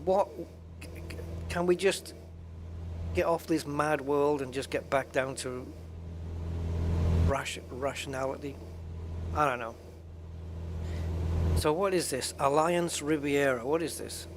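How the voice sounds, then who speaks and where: A man's voice: on the high side, unhurried, long pauses, background noise. A man giving casual, rambling commentary while playing a flight simulator. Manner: rambling, chatty, with restarts and asides. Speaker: flight sim streamer. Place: home gaming setup.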